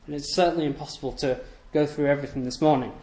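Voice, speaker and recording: A man's voice: fairly high pitch, fairly even intonation, very fast, warm tone. A man preaching a sermon to a congregation, asking rhetorical questions and repeating key phrases for emphasis. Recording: echoey room.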